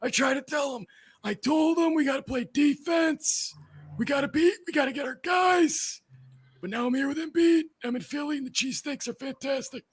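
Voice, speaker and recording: A man putting on an impression of an exasperated middle-aged male basketball coach, shouting and complaining. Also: normal speed. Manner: shouted, complaining, high-pitched.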